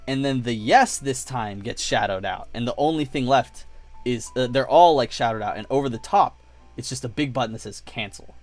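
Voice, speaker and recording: A man's voice: medium pitch, normal speed, a little mellow. A man chatting casually on his livestream while building models, telling rambling stories, acting out voices and sound effects, and swearing freely. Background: faint music playing.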